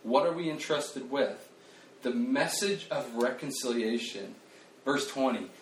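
Roomy, distant sermon from a lively man. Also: medium pitch, a little slow, a little hiss or hum. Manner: animated, conversational, self-deprecating, with frequent restarts and fillers. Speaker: preacher. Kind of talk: casual sermon. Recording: roomy, distant mic, faint ambience.

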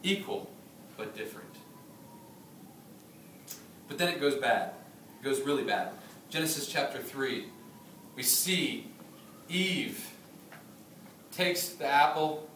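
A man in his thirties delivers a sermon with a slightly high voice, moving between scripture reading and playful, storytelling asides. He is picked up from some distance in an echoey church hall, with faint room noise behind him. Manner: conversational preaching, humorous asides, animated storytelling. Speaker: pastor.

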